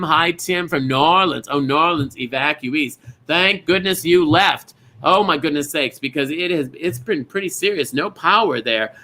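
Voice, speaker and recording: A man's voice: high voice, sharp tone. A man hosting an online bingo show, chatting as he greets viewers by name in a gushing, rambling way. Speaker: bingo game host. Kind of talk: live-streamed host greeting viewers.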